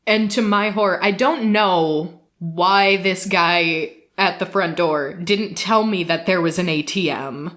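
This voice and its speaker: A woman co-hosting a podcast, telling a self-deprecating anecdote in an animated way and laughing often. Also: fairly low pitch, takes it slowly, few pauses. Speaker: podcast co-host.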